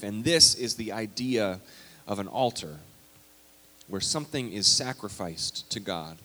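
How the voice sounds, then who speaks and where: A man's voice: on the low side, expressive, unhurried, bright, forceful tone. A man preaching a conversational, story-filled sermon as pastor of a church. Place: church sanctuary. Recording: long hall reverb.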